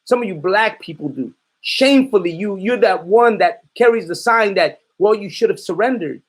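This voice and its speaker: A man's voice: sits high, expressive, normal speed, breathy edge. A man preaching in a fiery, confrontational way, calling out his listeners and giving commands to a reader. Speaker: street preacher.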